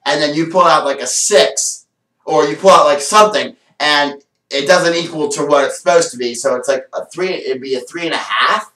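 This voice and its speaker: A man's voice: fairly high pitch, moderate pace, bright, forceful tone, recorded from a distance. A man doing magic on camera, presenting a card trick with showman patter and then chatting about it in an enthusiastic, rambling way. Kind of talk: performing a card trick then casual vlog chat. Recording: echoey room, voice from away from the mic.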